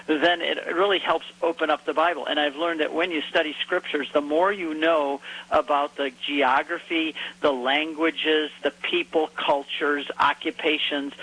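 A man telling a personal story in a relaxed conversation, acting out the people he quotes. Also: fairly high pitch, husky, rough recording. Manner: animated storyteller, acts out quoted voices. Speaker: guest.

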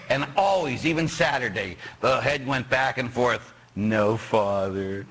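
Husky, bright-voiced priest preaching. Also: male voice, medium pitch, measured pace, hardly any pauses, rough recording. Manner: storytelling with animated quoted voices and sudden shouts. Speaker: Catholic priest. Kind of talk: sermon.

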